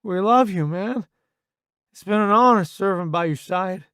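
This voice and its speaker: A man voicing a young soldier comrade who speaks loud and urgent. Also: high voice, unhurried, smooth, dry recording, studio quality, pitched above the performer's own voice.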